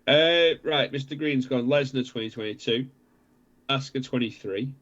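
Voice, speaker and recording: A man's voice: medium pitch, fairly even intonation, normal speed. A man with a sore throat co-hosting a casual wrestling podcast, teasing and laughing with his mates. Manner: laughing, teasing, says "mate". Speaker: podcast co-host. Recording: dull lo-fi sound.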